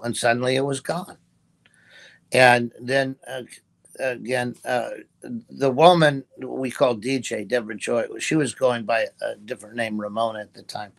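Gravelly-voiced pastor telling a story. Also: male voice, medium pitch, fairly even intonation, moderate pace. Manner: earnest, retelling with direct quotes and restarts. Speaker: pastor and interview guest. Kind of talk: storytelling in an interview.

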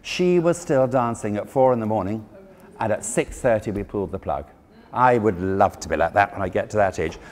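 A man's voice: lowish voice, fairly quick, darkish tone. A man giving a chatty, self-deprecating talk to an audience as an event designer. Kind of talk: anecdotal presentation to an audience. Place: large formal hall. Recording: echoey hall, faint background noise.

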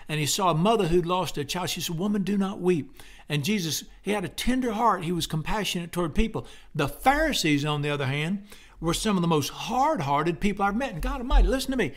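A middle-aged man preaches in a fervent, homespun way. His voice sits a little high for a man, and he bursts into loud exclamations between plain, conversational stretches. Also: lively intonation, fairly quick. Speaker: pastor. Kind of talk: sermon.

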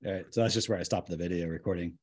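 A man's voice: low voice, racing, a little mellow, slightly rough. A man hosting a podcast in casual chat, talking animatedly and acting out the voices of people he quotes. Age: young adult or middle-aged, father of a four-year-old. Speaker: podcast host.

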